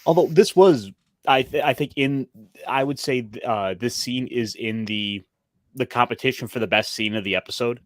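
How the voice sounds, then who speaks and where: A man's voice: mid-range voice, a bit bright, no echo. Hesitant male guest, dry sound. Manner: hesitant, halting, with frequent restarts. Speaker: guest commentator. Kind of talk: casual reaction-stream commentary.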